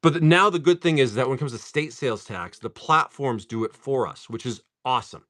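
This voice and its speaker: A fairly quick-talking man with a medium pitch sells cards on a livestream and rambles through a long story as he opens packs. His style is lively and conversational, leaning heavily on "dude" and "like."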